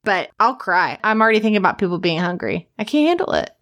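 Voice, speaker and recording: A woman co-hosting a podcast, chatting casually and telling an animated story, acting out the people she quotes. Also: mid-range voice, quick pace. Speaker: podcast co-host. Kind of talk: casual chat.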